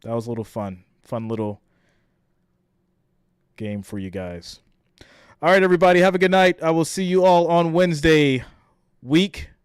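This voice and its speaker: A man from New York hosting his live stream, reading out guesses from his chat and breaking into laughs. His voice is smooth and clean, and he talks at an unhurried, slow pace. The sound is dry and close, with no room echo. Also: medium pitch. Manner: reads viewer guesses aloud, laughing often.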